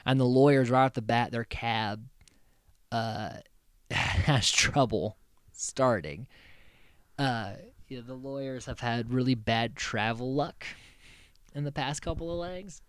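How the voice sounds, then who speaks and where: A man's voice: medium pitch, slow pace, clean tone, no echo. A man hosting a podcast, recapping a reality show in a loose, rambling way with plenty of swearing. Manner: rambling, profane, loose storytelling. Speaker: podcast host.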